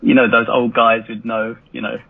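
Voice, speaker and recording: A man's voice: mid-range voice, monotone, moderate pace. A man from Britain, a manga artist guest on a podcast, talking casually in a rambling, hesitant way with many fillers and restarts, heard over a remote call. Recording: husky voice over a tinny phone-like call line.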